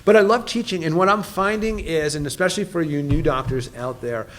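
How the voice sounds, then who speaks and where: Eager higher-voiced man in his fifties. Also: fairly quick, a bit bright. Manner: emphatic, enthusiastic, repeats words when starting. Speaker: dentist guest. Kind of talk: podcast interview.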